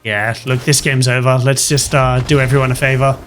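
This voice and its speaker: A man's voice: medium pitch, brisk, faint music behind. A man hosting a gaming channel, casually commenting on his matches and telling stories from work. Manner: chatty, animated anecdote-telling over gameplay.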